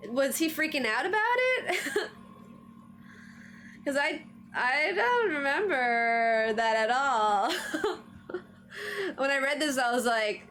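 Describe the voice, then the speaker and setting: A woman's voice: high voice, expressive, slow, pauses often, a bit bright, slight background noise. A woman streamer chatting casually on a livestream, full of fillers and frequent laughs. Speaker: streamer reviewing anime trivia.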